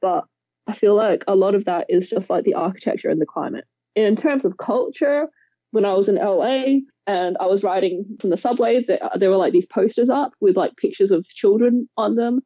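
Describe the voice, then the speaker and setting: A woman's voice: mid-range voice, normal speed, dry recording. An Australian woman in casual discussion, thoughtful and peppered with "like" fillers. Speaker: co-host. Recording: dull, lo-fi dry recording.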